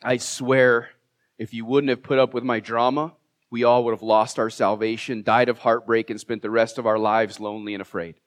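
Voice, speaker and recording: A man's voice: medium pitch, level tone, normal speed. Man preaching a heartfelt sermon. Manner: emotional, heartfelt, self-deprecating humor. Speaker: pastor. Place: church sanctuary.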